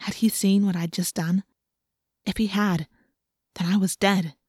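A woman's voice: medium pitch, fairly even intonation, a little slow, darkish tone, breathy edge, dry recording, studio quality. A woman narrating a first-person novel in an earnest, tense storytelling manner. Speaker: audiobook narrator.

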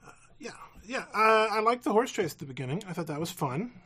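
A woman's voice: medium pitch, lively intonation, quick pace, fairly bright tone, husky. A woman in her thirties co-hosting a casual film chat, chatty and wry, laughing often. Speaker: podcast co-host.

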